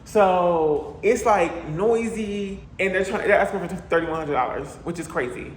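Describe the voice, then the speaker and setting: Man, casual vlog rant, slightly high voice, roomy apartment echo, faint background hum. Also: a little slow. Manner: chatty, animated, with playful asides. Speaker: vlogger. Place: echoey apartment. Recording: echoey room with faint ambience.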